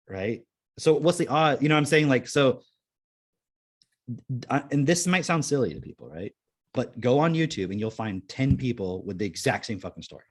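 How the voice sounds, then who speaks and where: A man's voice: medium pitch, moderate pace. A man co-hosting a casual podcast, telling a story and acting out the voices in it, with plenty of swearing. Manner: animated storyteller, acts out voices, swears freely. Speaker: podcast co-host.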